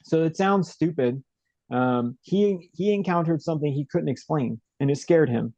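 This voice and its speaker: A man's voice: fairly high pitch, moderate pace, warm tone, no room sound, lo-fi sound. A young man as an interview guest, telling a story in a rambling, casual way with many fillers and restarts.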